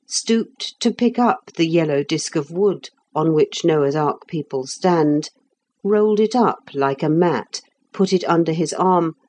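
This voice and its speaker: A woman narrating a children's storybook with a gentle, expressive reading. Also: lowish voice.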